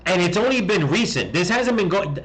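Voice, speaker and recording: A man in a rambling political commentary, talking bluntly and heatedly with plenty of swearing. His voice sits a bit high for a man, and he keeps restarting sentences and tacking on "okay?". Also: sing-song, a little fast, fairly bright tone, rough recording. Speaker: political commentary channel host.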